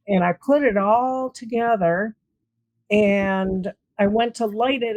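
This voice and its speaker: A woman talking as an interview guest in a relaxed, storytelling way. Her pitch sits in a middle range, and she throws herself into the quoted lines. The recording is dry, with almost no room echo. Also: unhurried. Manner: animated, acts out quoted dialogue. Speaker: guest, paranormal investigator.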